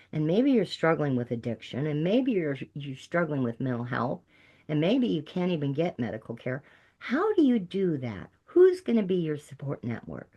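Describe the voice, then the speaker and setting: Earnest woman telling her story with lively pitch. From Texas, USA. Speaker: peer support specialist and guest speaker. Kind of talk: personal testimony talk.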